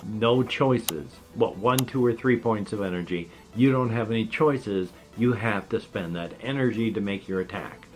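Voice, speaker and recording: A man's voice: lowish voice, normal speed, hardly any pauses, faint music behind. A man in his fifties talking in a rambling, casual vlog monologue, wry and meandering, with a slight whistle from dentures. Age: 50s. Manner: meandering, wry gallows humor, trailing off. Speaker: vlogger.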